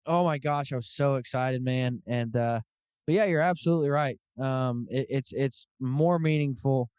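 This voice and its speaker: A man's voice: medium pitch, moderate pace, a little mellow, clean tone, dry recording, studio quality. A man hosting a hunting podcast, telling stories in an earnest, casual way and acting out the dialogue in them. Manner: earnest storyteller who acts out quoted dialogue. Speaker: podcast host.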